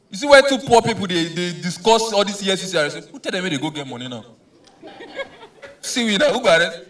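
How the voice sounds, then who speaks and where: A man's voice: high voice, animated, fast, a bit bright, far from the mic. Nigerian man doing stand-up, mock-pleading. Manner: pleading mock threats, switching into Pidgin rants. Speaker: stand-up comedian. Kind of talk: live stand-up comedy.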